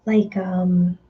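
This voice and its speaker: A woman medium giving a spiritual energy reading, talking in a dreamy, searching way with many fillers and now and then acting out voices in sudden high bursts. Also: muffled recording, slight background noise.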